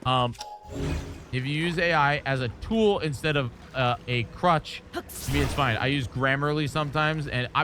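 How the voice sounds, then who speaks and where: A man's voice: on the high side, normal speed, over music. A man streaming live, chatting casually and rambling through his thoughts with frequent restarts. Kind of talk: casual chat.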